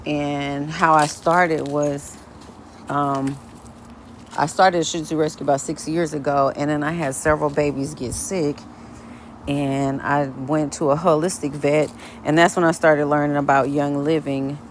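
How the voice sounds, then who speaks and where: A woman who runs a dog rescue, chatting casually on a live stream in her backyard, switching between high baby talk to the dogs and a relaxed tone for viewers. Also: a little slow, slight background noise. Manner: drops to a low, relaxed tone when explaining to viewers. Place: outdoor backyard. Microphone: phone.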